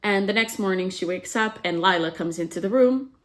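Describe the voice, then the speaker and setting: A woman's voice: medium pitch, a little fast. A woman casually retelling a novel's plot as a book summary host, chatty and full of "like" fillers, briefly acting out what the characters say. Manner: chatty, frequent "like" fillers, acts out quotes.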